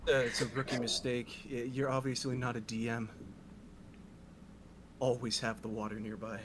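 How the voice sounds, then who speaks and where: A man talking casually in a group call, wry and a little earnest. Steady noise hums clearly behind his voice. His pitch sits in the middle range. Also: moderate pace.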